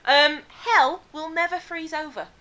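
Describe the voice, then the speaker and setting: A woman's voice: sits high, measured pace, pushed and bright. A woman co-hosting a podcast, running a fact-or-fiction quiz in casual chat and laughing often.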